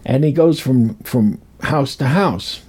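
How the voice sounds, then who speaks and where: A man's voice: mid-range voice, slow pace, darkish tone, husky. A man in his sixties telling folklore in a rambling, chuckling way, acting out voices as he goes. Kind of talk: casual storytelling talk.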